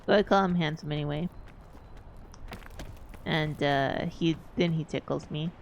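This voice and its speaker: A woman's voice: low voice, a little slow, vocal fry, long pauses, slight background noise. A woman streamer chatting casually and candidly, rambling a little and swearing offhandedly.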